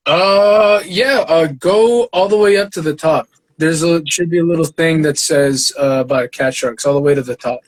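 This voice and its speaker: A man's voice: normal speed, hardly any pauses, low-quality recording. A man with a Southern US accent, a guest artist, telling a profane, laughing story. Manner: profane, laughing, quotes others in high voices. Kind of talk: animated storytelling.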